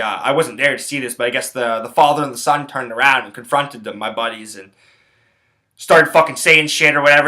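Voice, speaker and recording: A young man from Canada, host of his own show, rambles through a story and swears in nearly every line. His voice sits a little high and sounds bright and forceful. He talks casually, restarts his sentences and jumps back and forth, getting loud and animated as he tells it. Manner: profane, rambling, animated retelling. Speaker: podcast host.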